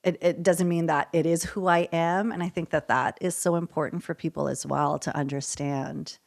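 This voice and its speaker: Low, gravelly-voiced woman podcast host. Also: steady tone, moderate pace. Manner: affirming, asks thoughtful questions. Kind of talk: casual podcast conversation.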